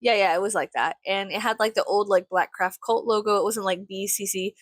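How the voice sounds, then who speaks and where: A woman's voice: mid-range voice, fairly even intonation, brisk, dry recording, clean studio sound. A young woman rambling casually to camera, swearing freely and acting out her own thoughts with self-mocking humor. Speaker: vlogger.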